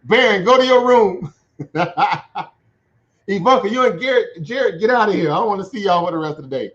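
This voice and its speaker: A man's voice: high voice, animated, brisk, fairly bright tone, voice pushed up. A man mimicking an irritated older male politician who barks orders at his family and staff, in a mocking way. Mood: annoyed, bossy. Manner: bossy, mocking. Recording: dull lo-fi sound.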